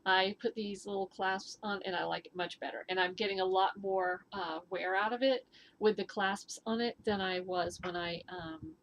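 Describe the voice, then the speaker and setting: A woman's voice: medium pitch, fairly even intonation, normal speed, a little hiss or hum. Chatty woman hosting a knitting vlog. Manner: rambling, with frequent fillers and restarts. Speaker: knitting and fitness vlog host. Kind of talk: casual chatty show-and-tell. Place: at home indoors.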